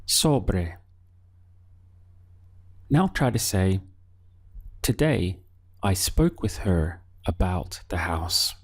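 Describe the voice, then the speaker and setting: Male language teacher, deep voice, unhurried, patient prompts with gaps for replies. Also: very animated, husky. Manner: slow, patient prompts leaving pauses to answer. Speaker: Spanish teacher. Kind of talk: language lesson.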